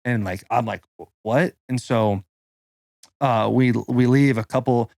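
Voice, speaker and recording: A man's voice: mid-range voice, fairly even intonation, a little slow, gravelly, a little mellow, dry recording, studio quality. A man in his thirties, a podcast host, telling a personal story in a loose, casual way, swearing and saying "like" constantly. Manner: loose and profane, full of "like" fillers.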